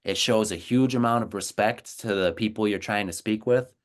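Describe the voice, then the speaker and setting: A man's voice: lowish voice, normal speed. A man from the United States, a native English speaker, talking earnestly and encouragingly with his co-host about learning languages. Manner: earnest, encouraging, repeats words. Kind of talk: casual conversation.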